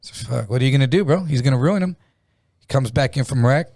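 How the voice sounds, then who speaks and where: A man's voice: medium pitch, fast talker, darkish tone, no echo, clean studio sound. A middle-aged man telling a slangy, profanity-laced story in a casual podcast chat. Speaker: comedian guest.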